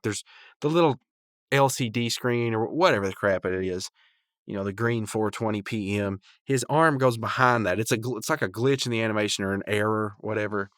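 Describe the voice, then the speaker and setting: A man's voice: lowish voice, fairly bright tone, no echo, clean studio sound. A man hosting a podcast, recapping and reviewing a cartoon episode in a loose, rambling way with lots of fillers.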